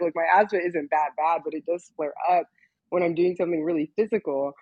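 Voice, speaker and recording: Young woman rambling thru a story, like every other word, a bit husky, dull lo-fi sound. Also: lowish voice, steady tone, fast, dry recording. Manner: chatty, says "like" constantly, laughs often. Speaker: guest, nude model. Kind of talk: casual storytelling in a podcast interview.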